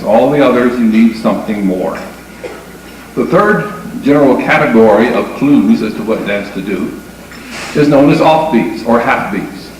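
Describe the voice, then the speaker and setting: A man giving a lecture on dance music, explaining step by step and counting beats aloud. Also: mid-range voice. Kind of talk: lecture with demonstration. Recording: echoey room from far off with faint noise.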